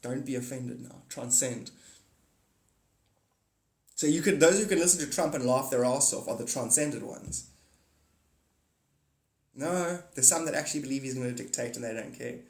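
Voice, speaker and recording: A man ranting casually on a livestream, rambling and profane, swinging from mutters to excited outbursts. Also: medium pitch, normal speed, long pauses. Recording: echoey room.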